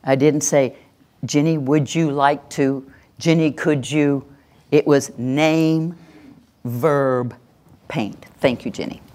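A woman leads a parenting workshop as a live demonstration, talking plainly and then breaking into high, gushing praise. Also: steady tone, slow, a little mellow.

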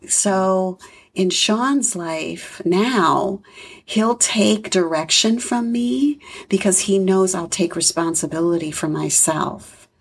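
Middle-aged female guest, husky low voice, earnest reflective storyteller. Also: takes it slowly. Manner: earnest, reflective, with frequent fillers. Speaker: guest, foster parent. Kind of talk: conversational interview storytelling.

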